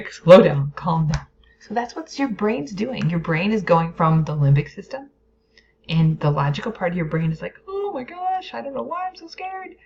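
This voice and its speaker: Using a lowish voice with vocal fry, a woman presents an educational video lesson on stress and the brain. She keeps her explanations simple while adding playful whispers and acted inner voices, and the recording is dull and lo-fi.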